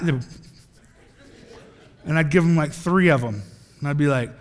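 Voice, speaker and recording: A man preaching a sermon in an animated, joking way, acting out little scenes as he goes. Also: a little high, measured pace, long pauses, big-room sound.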